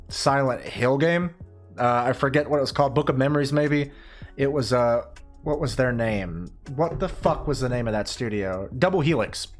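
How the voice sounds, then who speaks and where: A young man streaming while he draws, talking casually and ranting with plenty of swearing and quick asides. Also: mid-range voice. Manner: rambling, profane, animated ranting with put-on quoted voices. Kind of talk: casual chat while drawing.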